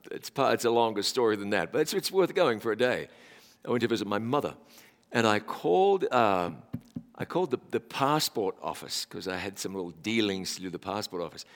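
A man in his forties with a New Zealand accent, giving a chatty, self-deprecating sermon in a church. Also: lowish voice. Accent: New Zealand, slightly Americanized. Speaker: pastor. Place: church hall. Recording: reverberant church hall.

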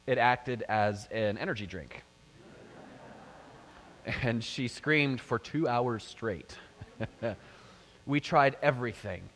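A middle-aged man preaching a sermon to a congregation, telling stories and asking the listeners questions. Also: lowish voice. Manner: storytelling, animated, addresses the congregation with questions. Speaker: pastor. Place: church sanctuary. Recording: long hall reverb.

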